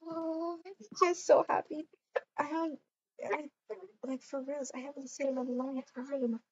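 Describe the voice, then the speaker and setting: Giddy high-voiced woman role-playing. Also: little pitch movement, normal speed, muffled recording, a little hiss or hum. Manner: giddy, gushing, many ums. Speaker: role-play player. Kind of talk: improvised game role-play.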